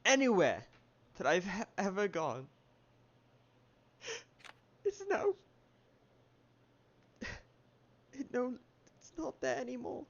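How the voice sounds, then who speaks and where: A man's voice: mid-range voice, a little slow, long pauses, fairly bright tone, highs cut off. A man voicing a shaken male scholar who has lost his life's work, talking in a distraught, faltering way. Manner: distraught, voice climbing and breaking.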